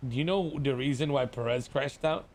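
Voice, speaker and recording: A man's voice: mid-range voice, normal speed. A man in a game roleplay, teasing and mocking the others, talking over them. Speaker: roleplay gamer. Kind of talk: in-character roleplay banter.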